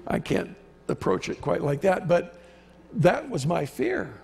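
Unhurried and sing-song, a male guest preacher with a high, gravelly, darkish voice delivers an emphatic sermon, acting out the voices he quotes. The long reverb of the church sanctuary rings around him.

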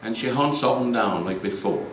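A man giving a lively comic recitation at a community concert. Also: medium pitch, moderate pace, slight background noise. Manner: lively storytelling. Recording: echoey hall, mic far off.

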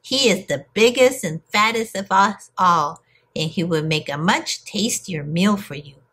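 Storybook goat, middle brother, male, steady and polite, as a woman reader puts him on, lively delivery. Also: mid-range voice, measured pace, slightly rough. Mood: persuasive. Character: middle-sized male billy goat, hiding his fear.

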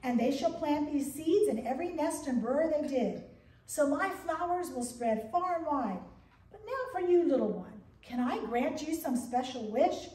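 Kind wise creator spirit talking softly, a lady reading it, roomy far-off sound. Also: sits high, lively intonation, normal speed. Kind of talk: storybook read-aloud. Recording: echoey church from a distance.

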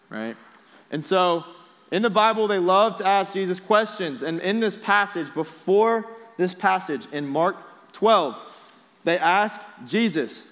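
A young man preaching to a youth group in a casual, energetic way, often checking with the students. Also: fairly high pitch, normal speed. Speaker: youth pastor. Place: large hall with students. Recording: echoey hall.

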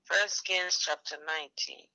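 A man with a very bright, slightly raised voice reads scripture in a plain, measured way. The recording is dull and lo-fi. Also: high voice, steady tone, clean tone. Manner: plain, measured reading, brief assents. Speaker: scripture reader and co-host. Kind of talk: reading scripture aloud.

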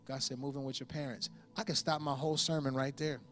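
A pastor in his forties delivering a sermon, telling a personal story with lively impressions of the people in it. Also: mid-range voice, quick pace, soft background music. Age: 40s. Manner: storytelling with animated impressions and laughter.

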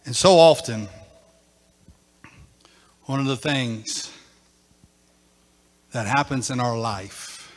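A man preaching a sermon as pastor, emphatic and repetitive, his voice rising into shouts. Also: mid-range voice, takes it slowly, pauses often, big-room sound. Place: church sanctuary.

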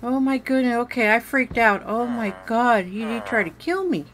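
A woman's voice: fairly high pitch, moderate pace, fairly bright tone, slight background noise, low-quality recording. A woman hosting a horror game let's-play, jumpy and full of exclamations, talking straight to her viewers. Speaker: gaming channel host.

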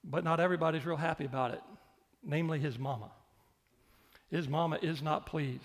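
A man's voice: fairly high pitch, fairly quick. A male pastor preaching a sermon, repeating phrases and putting questions straight to the congregation. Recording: long hall reverb.

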